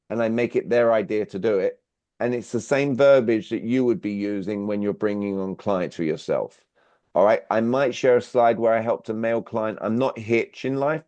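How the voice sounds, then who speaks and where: A man's voice: lowish voice, darkish tone, no echo. A man, a clarity coach, leading an online workshop and constantly asking the audience questions. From Britain. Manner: engaging, asks the audience frequent questions. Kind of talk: interactive online workshop talk. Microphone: video call. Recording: dry, slightly dull video call audio.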